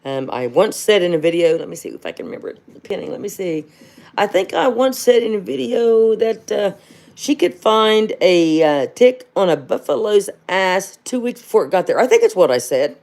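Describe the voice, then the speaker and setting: A woman's voice: medium pitch, very animated, normal speed, darkish tone. A middle-aged woman, hosting a casual livestream, rambling and chatty, calling viewers honey and firing off rhetorical questions. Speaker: livestream host.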